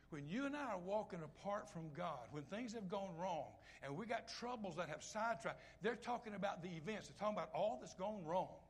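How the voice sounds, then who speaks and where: A man preaching a sermon, dropping to hushed asides and rising to loud, impassioned lines, in a conversational way. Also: high voice, husky. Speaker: pastor.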